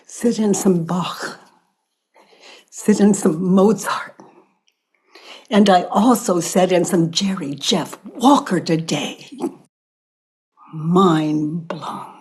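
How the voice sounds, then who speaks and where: Slow, dark-voiced older woman, half-whispering. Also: fairly low pitch, breathy edge. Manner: soft-spoken, drifting into whispers, long pauses. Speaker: podcast host. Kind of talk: slow reflective spiritual talk.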